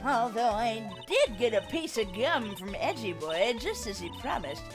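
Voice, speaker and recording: A woman doing a shrill, furious old lady. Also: sing-song, unhurried, music in the background. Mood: indignant ranting. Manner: ranting, scolding.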